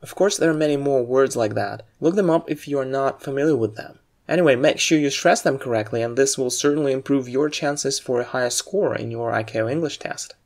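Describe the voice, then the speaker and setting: A man narrating a scripted language lesson at a middle pitch. He explains each point in a clear, deliberate way, like an instructor walking learners through the material. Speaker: aviation English instructor.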